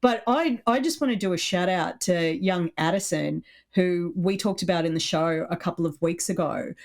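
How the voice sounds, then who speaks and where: A middle-aged woman with an Australian accent, co-hosting an animated, opinionated political podcast chat. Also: lowish voice, normal speed. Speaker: podcast co-host.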